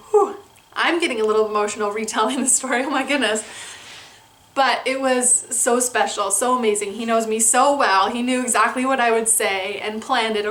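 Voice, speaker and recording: A woman's voice: a little high, a bit bright. A young woman vlogger gushing through a personal story in casual chat, laughing often. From Canada.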